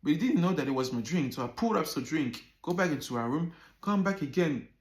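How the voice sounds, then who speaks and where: A man in his thirties tells a personal story to camera, animated and loose, often repeating himself and swearing freely. His voice sits a little high for a man. The sound bounces around a roomy, echoey space. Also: fast. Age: 30s. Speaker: vlogger.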